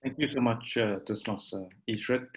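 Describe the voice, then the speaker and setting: A man's voice: medium pitch, normal speed. A man chairing a club meeting, introducing speakers with many fillers and light jokes.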